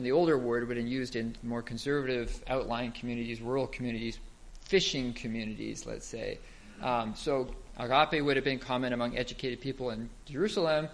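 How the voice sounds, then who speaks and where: A man's voice: mid-range voice, fairly bright tone. A man giving a Bible teaching talk, explaining step by step and asking the listeners rhetorical questions.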